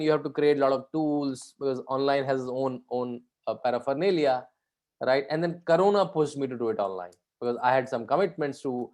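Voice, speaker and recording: In a mid-range, darkish voice, this man is a guest speaker running an online interactive talk for students. He keeps it conversational, asks the audience questions, and frequently adds "right?"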